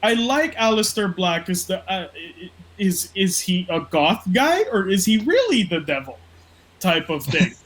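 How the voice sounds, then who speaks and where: High-voiced ranting podcast host. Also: male voice, big pitch swings, unhurried, a bit bright, poor audio. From Philippines. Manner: profane, ranting, mock-impressions. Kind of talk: casual podcast chat.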